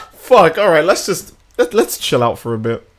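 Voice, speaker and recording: A man live-streaming a game, chatting casually with his viewers and reacting loudly to the gameplay in a crude, animated way. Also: a little high, moderate pace, slight background noise. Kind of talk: casual live-stream commentary while gaming.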